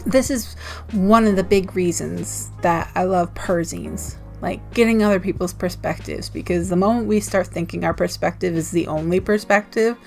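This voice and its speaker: A woman's voice: lowish voice, normal speed, creaky, darkish tone, soft background music. An American woman chatting casually in a vlog, rambling and laughing often as she goes. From United States. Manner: rambling and giggly. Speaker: zine vlogger.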